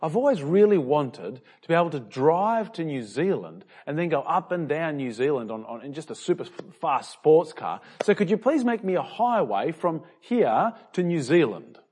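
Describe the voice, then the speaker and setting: A man putting on an excitable old man who trips over his words as he asks for things. His husky voice bounces up and down. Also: on the high side, moderate pace, few pauses. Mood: eager. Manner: stammering, excited. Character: eager, bumbling old man making wishes.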